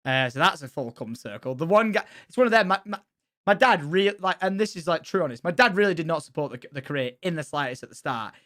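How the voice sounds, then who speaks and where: Animated young man. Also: a little high, quick pace. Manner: animated, swears freely, laughs often. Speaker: streamer. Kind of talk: casual stream chat.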